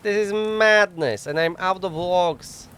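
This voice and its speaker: A man's voice: high-pitched, takes it slowly, fairly bright tone, slight background noise. A man hosting a casual let's play, thinking aloud as he plays, chuckling often and mocking himself wryly on a desk microphone. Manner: thinks aloud while playing. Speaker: gaming channel host.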